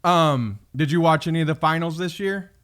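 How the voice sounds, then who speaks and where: A man hosting a podcast, chatting casually over a video call, rambling and trailing off softly. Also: a little high, normal speed. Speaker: podcast host. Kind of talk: casual chat.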